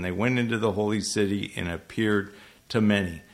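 A man preaching to a congregation, talking to them conversationally and asking them questions, with sudden loud emphasis and frequent self-corrections. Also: lowish voice, steady tone, normal speed. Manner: restarts and self-corrections when tongue-tied. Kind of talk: sermon. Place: church hall with a congregation.

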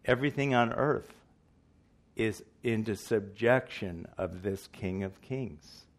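A man's voice: fairly low pitch, slow. A man preaching a sermon in earnest, emphatic style, asking his listeners questions.

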